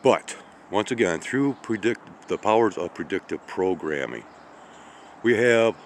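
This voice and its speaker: Slow, deep-voiced tired man. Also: animated, slight background noise. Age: 50s. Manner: slow, meandering, with frequent "okay?" and "all right?". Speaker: channel host. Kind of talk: rambling monologue.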